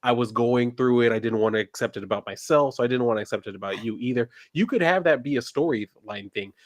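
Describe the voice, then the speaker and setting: A man's voice: mid-range voice, fast. A man co-hosting a casual pop culture chat, heated and ranting, swearing freely. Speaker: podcast co-host.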